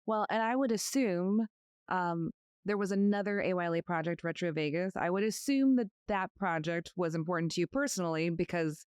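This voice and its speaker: A woman's voice: fairly low pitch, a little fast, darkish tone, clean tone, no room sound, clean studio sound. A woman hosting a podcast interview, telling stories in a friendly way and laughing easily. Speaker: podcast host, lawyer. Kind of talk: conversational interview.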